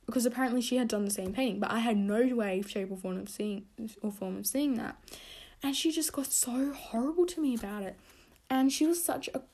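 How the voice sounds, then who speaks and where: Chatty young woman rambling through a story. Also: a little fast. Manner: rambling, full of fillers and self-corrections; animated storytelling, pitch jumping when excited. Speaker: podcast host. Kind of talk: casual rant.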